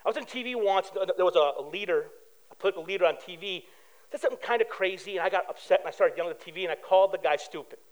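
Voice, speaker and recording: A man from preaching a sermon as pastor, animated and telling stories with acted-out quotes. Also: high voice, rapid-fire, rough recording.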